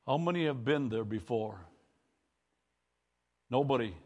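A man's voice: medium pitch, lively intonation, unhurried, darkish tone, lo-fi sound. A male pastor preaching a sermon in church, addressing the congregation directly and questioning them. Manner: preaching with call-and-response to congregation.

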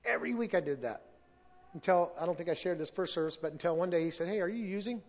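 A man's voice: fairly high pitch, expressive, fast, dull audio. A middle-aged man giving a personal testimony at a church service, earnest and emotional, sometimes losing his place.

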